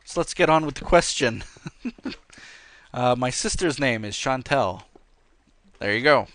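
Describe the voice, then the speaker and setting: A man's voice: mid-range voice, expressive, a little slow, a bit bright, no room sound. A man hosting a let's play, chatting casually and rambling through viewer questions while he plays. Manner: rambling, easygoing, with many fillers. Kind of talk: casual gameplay commentary with viewer Q&A.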